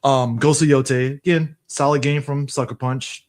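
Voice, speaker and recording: A man co-hosting a casual gaming podcast in a relaxed, conversational way. He often reaches for fillers as he thinks aloud. His voice sits at an average, middle pitch. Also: moderate pace. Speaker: podcast co-host. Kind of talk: casual chat.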